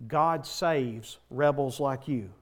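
A man preaching a sermon in church, pleading and impassioned, swinging from loud swells to soft, quiet passages. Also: medium pitch, takes it slowly.

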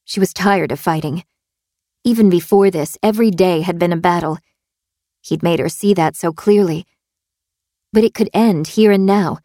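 A woman narrating a suspense audiobook in a steady, tense storytelling manner. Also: lowish voice, moderate pace, long pauses, no echo, clean studio sound.

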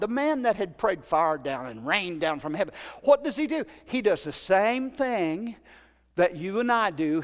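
A man preaching a fervent Pentecostal sermon in a church, building to shouts. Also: sits high, big-room sound. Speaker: pastor. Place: church sanctuary.

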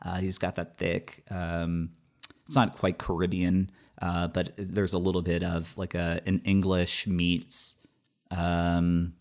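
A man with a very low, deep voice talks in relaxed, easygoing chat. He rambles, circling back with fillers and restarts as he thinks aloud. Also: slow pace. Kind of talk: casual chat.

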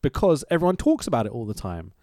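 A man co-hosting a casual wrestling podcast, sweary and animated, laughing often. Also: medium pitch, quick pace, dry recording, studio quality. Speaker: podcast co-host.

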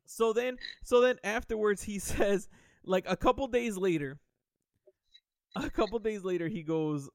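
A young man hosting a podcast in casual chat, excitable and profane, laughing often and restarting his sentences. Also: high-pitched, unhurried, no room sound. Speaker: podcast host.

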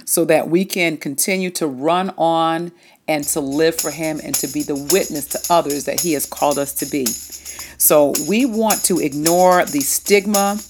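A woman reading scripture and giving an earnest, emphatic devotional talk to her listeners, with drawn-out words and some fillers. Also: low-pitched, soft background music. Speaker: devotional host.

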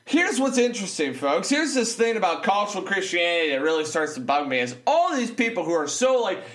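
His voice is high-pitched, sing-song, fairly quick and a bit bright as this male vlogger delivers a casual opinion rant. Sarcastic and mocking, he rambles with frequent restarts, and the room echoes.

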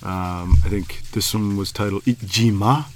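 A man's voice: on the low side, unhurried. A man co-hosting a podcast, chatting casually with many fillers. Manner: relaxed, filler-heavy, easygoing. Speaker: podcast co-host. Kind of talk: casual chat.

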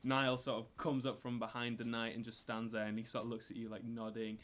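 A man's voice: mid-range voice, completely flat delivery, fairly quick, a loud crowd. A man, narrating a tabletop game as game master in a loose, rambling way with many restarts. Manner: rambling, repeats words while narrating.

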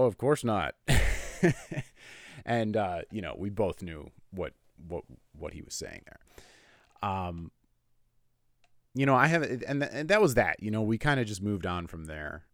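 A man, a medical illustrator, telling a personal story in a relaxed, conversational way with lots of "you know" fillers. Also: deep voice, no room sound, studio quality.

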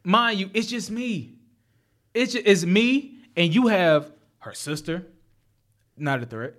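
High-voiced man telling a wild story. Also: slow pace. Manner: animated, laughs often, profane street slang, repeats and restarts. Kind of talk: casual storytelling chat.

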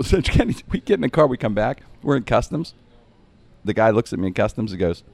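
Animated storytelling man, lively pitch. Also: quick pace, vocal fry, no echo. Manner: animated, acts out quoted voices. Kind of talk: casual storytelling chat.

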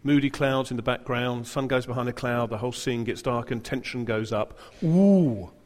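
Man preaching, mid pitch, dramatic and wry, long hall reverb. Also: level tone, brisk. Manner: dramatic, humorous storytelling. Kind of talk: sermon.

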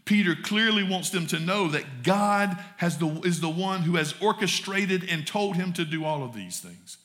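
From the pulpit of a church sanctuary, a pastor with a Southern US accent preaches a folksy sermon, speaking straight to the congregation and calling them y'all. His high-pitched voice is animated and fairly bright, at a moderate pace.

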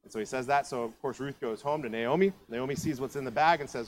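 Brief: easygoing man preaching, talks as if to friends, mid-pitched, faint hiss behind. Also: fast, hardly any pauses, poor audio. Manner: conversational storytelling, lots of asides. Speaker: pastor. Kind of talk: sermon. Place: church.

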